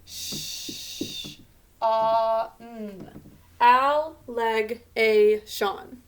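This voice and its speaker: Woman teaching spelling, slow and patient, a bit high pitched, sounding out syllables. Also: steady tone, soft background music. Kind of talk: recorded spelling lesson.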